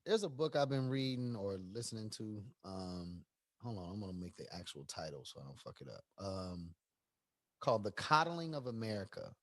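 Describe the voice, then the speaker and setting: Chicago male co-host with a lively, swinging delivery, profane and animated. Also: fairly low pitch, normal speed. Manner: animated, profane, rising to near-shouts when riled up. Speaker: podcast co-host. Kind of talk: casual chat.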